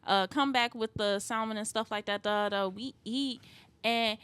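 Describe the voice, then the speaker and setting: Bright, high-voiced woman telling a story. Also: moderate pace, smooth, no room sound. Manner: animated, fills quotes with "da, da, da". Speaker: podcast guest. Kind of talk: casual storytelling chat.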